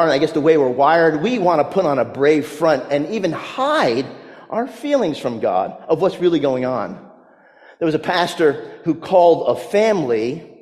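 Male pastor, storytelling sermon; high, very lively pitch, dropping to hushed asides. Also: long reverb tail. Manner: storytelling preacher, swings from loud to hushed.

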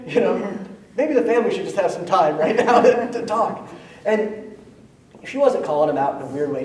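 A man's voice: high voice, lively intonation, a little fast, a little mellow. A man preaching a sermon as pastor, talking in a conversational way with slangy asides and building to emphatic peaks. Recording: roomy echo, mic at a distance, faint ambience.

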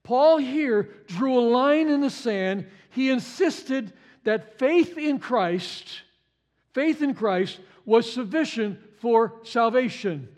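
High-voiced preacher man, emphatic. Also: lively intonation, takes it slowly, darkish tone. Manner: emphatic, repeats key phrases for effect. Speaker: pastor. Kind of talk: sermon.

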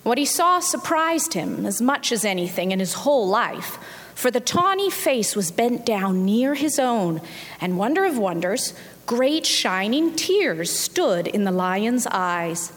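A woman reads a storybook passage aloud with a bright, higher voice that moves a lot in pitch. She takes her time over each phrase. Her voice rings with the long reverb of a church hall. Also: very animated, unhurried. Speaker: congregation member reading aloud.

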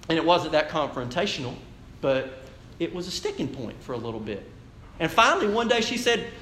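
A man's voice: on the high side, animated, fairly quick, fairly bright tone. A married man preaching a sermon as pastor, telling a personal story in a conversational way and speaking directly to the congregation. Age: adult, married. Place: church sanctuary. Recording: echoey church room.

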